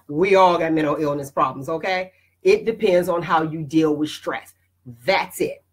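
Blunt, husky-voiced woman giving a pep talk. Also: mid-range voice. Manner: blunt, emphatic, preachy; addresses viewers directly. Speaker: host. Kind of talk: motivational talk.

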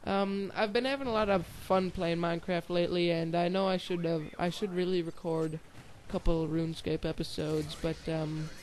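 A man's voice: high-pitched, little pitch movement, moderate pace, hardly any pauses, darkish tone, a little hiss or hum. A young man giving casual gameplay commentary, rambling and giggly with self-deprecating asides. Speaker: gaming channel host.

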